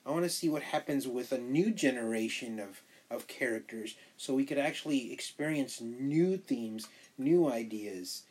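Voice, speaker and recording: Husky voice, eager guest, quick to agree, casual chat. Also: medium pitch, a little mellow.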